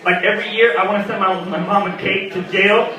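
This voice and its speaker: A man's voice: sits high, little pitch movement, fast talker, bright, forceful tone. A young man performing a crude, mocking stand-up comedy set full of voiced quotes. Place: comedy club stage. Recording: echoey club mic from a distance with crowd. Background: audience laughter.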